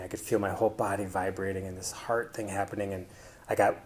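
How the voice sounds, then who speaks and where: A man's voice: sits low, little pitch movement, fairly quick, a little hiss or hum. A man presenting to an audience in a casual personal style, rambling with many fillers and restarts. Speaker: conference presenter.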